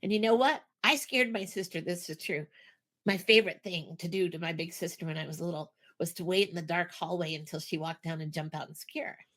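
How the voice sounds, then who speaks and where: A middle-aged woman, a guest author, telling stories in a casual interview and acting out the voices in them with lively energy. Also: on the low side, a little fast. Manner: animated, acts out voices in anecdotes.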